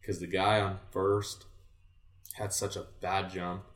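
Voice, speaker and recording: Deep-voiced young man, echoey and distant. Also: takes it slowly. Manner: animated, acts out his own past remarks, many "like" fillers. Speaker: podcast guest, former college baseball player. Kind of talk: casual storytelling chat. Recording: echoey room, voice distant from mic.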